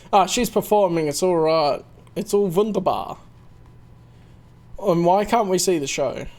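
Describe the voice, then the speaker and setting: A man's voice: high voice, moderate pace, a little mellow. A man hosting a let's play, giving playful casual commentary and reading the game's lines aloud.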